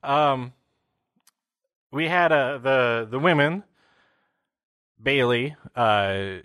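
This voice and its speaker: A wrestling recap host with a medium-pitched, fairly bright voice talks extremely slowly in a chatty, casual recap of the show. He rambles with frequent fillers and restarts and puts on silly voices for quotes, all in a dry, close recording.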